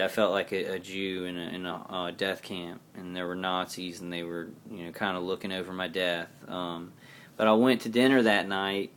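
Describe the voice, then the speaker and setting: Deep-voiced man rambling earnestly. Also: fairly bright tone, slight background noise. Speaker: vlogger. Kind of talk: personal video diary.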